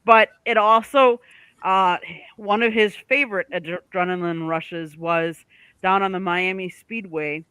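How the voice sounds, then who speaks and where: A woman's voice: medium pitch, fairly even intonation, unhurried, a bit bright, clean tone, no room sound. A woman co-hosting a casual talk show, chatty, retelling a story and acting out the quotes. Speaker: co-host. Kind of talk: casual radio chat.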